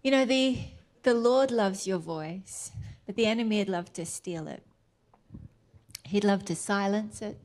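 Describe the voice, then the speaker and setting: A middle-aged woman preaching a sermon, tender and emphatic, slipping into soft whispered asides. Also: medium pitch, measured pace.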